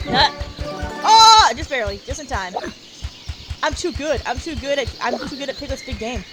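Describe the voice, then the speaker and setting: A woman's voice: high-pitched, a little fast. A woman hosting a let's play, giving casual, rambling commentary and playfully trash-talking the game's enemies. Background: loud game music.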